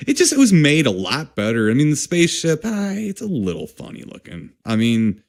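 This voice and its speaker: A man's voice: on the high side, wildly swooping pitch, moderate pace, creaky. A man co-hosting a podcast, riffing playfully on films and laughing often. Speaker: podcast co-host. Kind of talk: casual chat.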